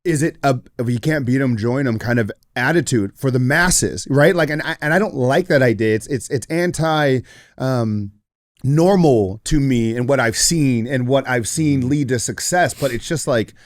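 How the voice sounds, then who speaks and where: A man's voice: mid-range voice, normal speed. A man hosting a podcast, talking candidly and bluntly in casual conversation, with frequent profanity and restarts. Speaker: podcast host.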